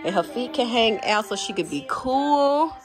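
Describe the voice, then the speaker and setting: A young woman vlogging in a casual, gushing way, slipping into high baby talk with infants. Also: animated, moderate pace, music in the background. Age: young adult. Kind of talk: casual vlog chat.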